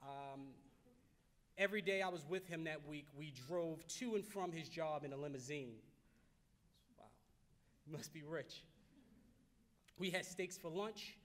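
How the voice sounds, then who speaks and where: A man's voice: on the high side, measured pace, long pauses, fairly bright tone. A man in his thirties from Baltimore giving a motivational keynote, telling a story in an earnest way, repeating phrases for emphasis and often restarting his sentences. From Baltimore, United States. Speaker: keynote speaker. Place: large banquet hall. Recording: long hall reverb.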